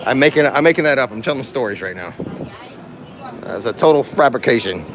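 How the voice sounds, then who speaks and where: A man with a medium-pitched, animated voice talks fairly quickly as he hosts a casual livestream on a walk through a theme park. He jokes and laughs at his own jokes, with music and a crowd audible behind him amid the background noise.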